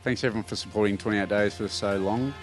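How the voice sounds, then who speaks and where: A man's voice: lowish voice, steady tone, fast. Man, Australian accent, band member, casual chat, repeats himself, faint music behind.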